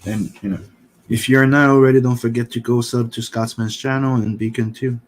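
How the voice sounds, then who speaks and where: A man's voice: medium pitch, fairly even intonation, brisk. A man hosting a livestream, chatting casually and rambling with many fillers. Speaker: stream host. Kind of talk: casual chat.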